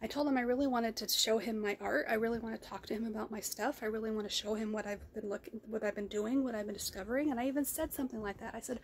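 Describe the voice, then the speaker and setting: A woman's voice: a little high, fairly even intonation, fast, hardly any pauses, slight background noise. A woman talking in a raw personal vlog, rambling and ranting, often repeating herself. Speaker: vlogger. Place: car.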